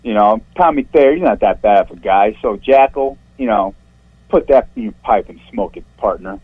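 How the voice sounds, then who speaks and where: A man from St. Louis calling into a show with a profane, angry rant, his voice jumping shrill when he gets worked up. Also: animated, moderate pace, slightly rough. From St. Louis, USA. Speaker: caller. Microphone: phone line. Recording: dull phone-line call audio.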